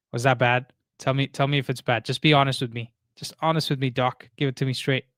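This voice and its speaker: A man hosting a casual live stream, reading chat messages aloud in a relaxed way, with plenty of fillers. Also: medium pitch, no echo, studio quality. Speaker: livestream host.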